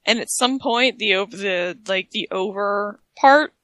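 Chatty woman co-host, bright tense voice, dry sound. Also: medium pitch, unhurried, dry recording. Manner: chatty, enthusiastic, trails into repeated phrases. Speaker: podcast co-host. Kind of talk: casual chat.

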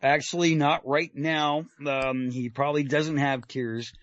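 A man's voice: a little high, steady tone, unhurried, a bit bright, dry recording. Man, casual podcast co-host, dry close sound, a bit muffled, joking and rambling. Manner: loose, filler-heavy, joking.

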